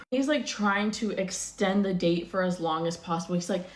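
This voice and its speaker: A woman's voice: medium pitch, normal speed, roomy sound. A young woman telling a dating story in a casual, blunt, profane way, sounding exasperated.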